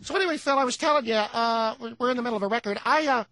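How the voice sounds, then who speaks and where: A man playing a high-voiced, chatty male radio colleague who rambles. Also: very fast, sharp tone, no room sound.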